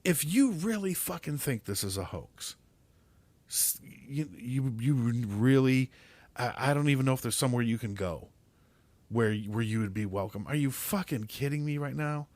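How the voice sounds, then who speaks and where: A man's voice: mid-range voice, expressive, normal speed, darkish tone, no echo. Male podcast host, solo rant, exasperated and foul-mouthed, dry close sound, mid-range voice. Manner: exasperated, swears constantly, repeats words when heated.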